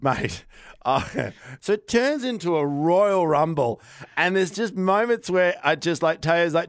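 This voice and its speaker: A man's voice: high-pitched, unhurried, clear, resonant tone, no room sound. Upbeat thirties man, podcast chat, dry close mic, chuckling storyteller. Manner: animated, laughs often, acts out his kids' voices. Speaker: podcast guest, father. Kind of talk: casual chat.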